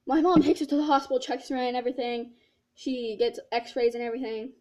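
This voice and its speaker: A woman's voice: high-pitched, steady tone, fast talker, dark tone. A teenage girl telling a casual story-time vlog, rambling and saying "like" a lot. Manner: rambling, filled with "like". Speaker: vlogger.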